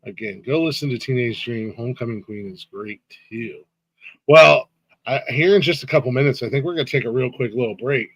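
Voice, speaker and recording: A man's voice: medium pitch, brisk, fairly bright tone, husky, no echo. A man hosting a casual live-stream interview, laid-back and laughing often, with lots of restarts and fillers. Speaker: podcast host.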